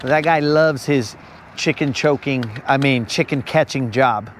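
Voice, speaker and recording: A man's voice: mid-range voice, unhurried, slight background noise. A man hosting a live fishing stream outdoors on a lake, joking with viewers in casual chat and calling them bro.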